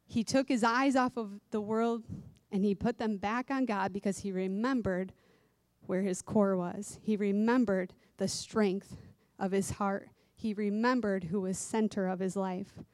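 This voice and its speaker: A woman's voice: medium pitch, steady tone, measured pace, a little mellow, no room sound. A woman who teaches dance giving an earnest devotional sermon, repeating key phrases for emphasis.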